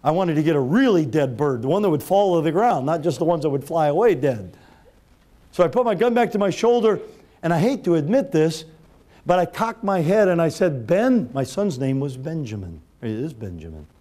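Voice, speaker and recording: Preaching man with a dark, mellow voice. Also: fairly high pitch, very animated, a little fast. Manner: swings from loud preaching to quiet, hushed retelling. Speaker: pastor. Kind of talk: sermon storytelling.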